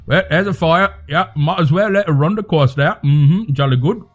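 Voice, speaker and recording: A man's voice: a little high, normal speed, lightly acted. A man voicing a stereotypical British man with a mock British accent, shrugging off a fire. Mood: nonchalant.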